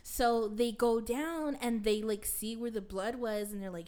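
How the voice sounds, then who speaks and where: A woman's voice: a little high, normal speed, few pauses, a little mellow, clear, resonant tone. A young adult woman casually retelling a film to a friend, rambling with constant fillers and casual swearing. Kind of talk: casual chat.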